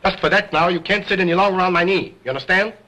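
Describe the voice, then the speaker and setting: A man's voice: sits high, quick pace, sharp tone. A man performing as a ventriloquist on stage, speaking as a grand, formal showman. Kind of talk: stage comedy act.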